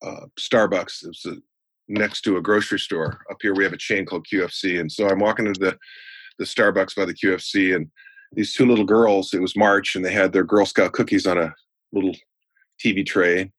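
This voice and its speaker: A man in his sixties, a sales trainer guest in an interview, telling stories in an animated way. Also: sits low, a little fast, slightly rough, no room sound. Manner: animated storyteller. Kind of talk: storytelling in a podcast interview.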